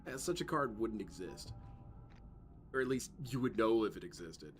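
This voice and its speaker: Man rambling through gameplay commentary, lively pitch. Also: moderate pace. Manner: rambling, joking tangents. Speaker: let's play host. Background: game music.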